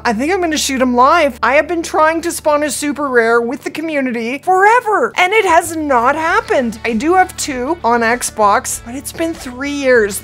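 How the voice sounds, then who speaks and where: A woman hosting a hunting video game, chatting to her viewers as she plays and talking aloud to the animals on screen. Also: mid-range voice. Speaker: gaming channel host. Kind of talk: live gameplay commentary.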